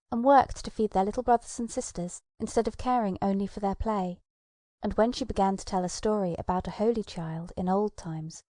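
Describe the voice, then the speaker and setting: A woman reading a children's storybook aloud, narrating gently with soft whispered asides. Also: medium pitch, dry recording, clean studio sound. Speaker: audiobook narrator.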